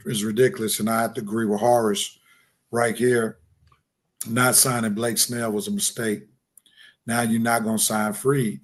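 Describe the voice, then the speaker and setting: A man co-hosting a sports talk stream, giving measured, analytical takes in casual chat. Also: mid-range voice. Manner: measured and analytical, with fillers and restarts. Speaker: sports show co-host. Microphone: video call.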